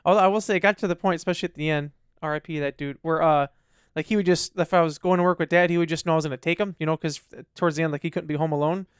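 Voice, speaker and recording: A man co-hosting a podcast in casual chat, telling an animated story and acting out what his dog would say. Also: on the high side, rapid-fire, smooth, no room sound, clean studio sound. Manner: animated storyteller, acts out his dog's lines. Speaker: podcast co-host.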